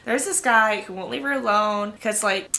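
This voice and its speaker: A woman's voice: medium pitch, normal speed, creaky, pushed and bright. A woman in her twenties chatting casually about books to camera, gossipy and full of fillers. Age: 20s. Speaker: book vlogger. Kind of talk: casual book chat to camera.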